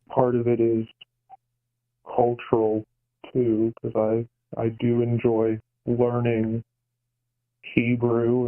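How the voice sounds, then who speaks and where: A man in his twenties calling into a show, speaking hesitantly and softly. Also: medium pitch. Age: 20s. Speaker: caller. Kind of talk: casual phone conversation. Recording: tinny phone line.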